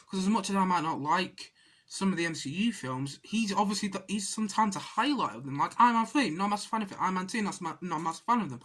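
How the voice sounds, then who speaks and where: Woman ranting through a film review, lots of restarts, middle pitch. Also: a bit bright, breathy edge. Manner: rambling, frequent restarts, swings into exasperated rants. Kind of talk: casual spoken film review.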